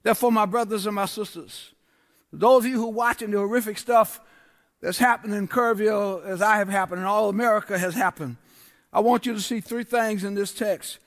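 Guest preacher, male, very high voice, rhythmic repeated refrains, church reverb. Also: fairly even intonation, fairly quick. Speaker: guest pastor. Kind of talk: sermon. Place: large church. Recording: long church hall reverb.

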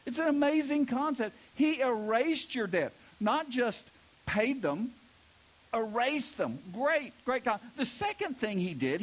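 A middle-aged man preaching a sermon as pastor, telling stories and stressing key words with emphasis. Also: high voice. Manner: storytelling with emphatic preaching, voices quoted characters.

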